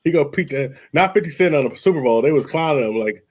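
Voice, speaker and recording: Husky-voiced man hosting a chat. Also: a little high, fast. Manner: animated storytelling, mimics people in quotes. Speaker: podcast host. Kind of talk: casual live-stream chat.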